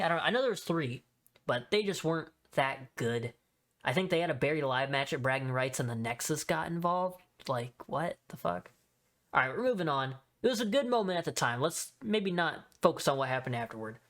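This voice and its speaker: A man's voice: on the high side, a bit bright. Rambling, casual male podcast host. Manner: rambling, filler-heavy, swears offhandedly. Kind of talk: casual solo podcast recap.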